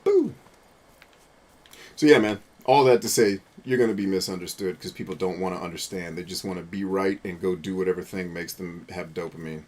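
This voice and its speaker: A man's voice: sits low, fast talker, few pauses, a little mellow. A man giving rambling, philosophical commentary while playing a video game, swearing freely as he rants. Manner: profane, ranting, philosophical. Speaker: gameplay commentator. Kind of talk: rambling commentary over gameplay.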